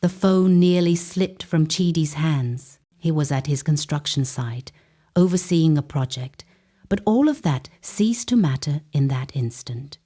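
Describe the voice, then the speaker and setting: Woman storyteller, dramatic folktale narration, warm husky voice. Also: low voice, unhurried. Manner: dramatic, expressive.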